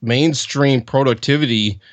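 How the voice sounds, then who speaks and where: A man hosting an interview, asking warm questions in a halting way, with many fillers. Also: medium pitch, no echo, lo-fi sound. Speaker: interview host.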